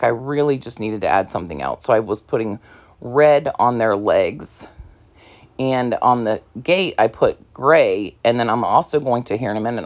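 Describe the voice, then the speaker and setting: A woman crafting vlogger talking casually through her project, slightly out of breath, rambling with many ums and you-knows. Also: a bass voice. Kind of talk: casual crafting tutorial talk.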